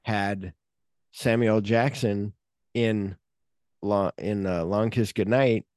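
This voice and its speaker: A man's voice: lowish voice, fairly even intonation, slow pace, darkish tone, no echo, studio quality. A man co-hosting a casual film podcast, rambling and searching for names with lots of fillers. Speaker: podcast co-host.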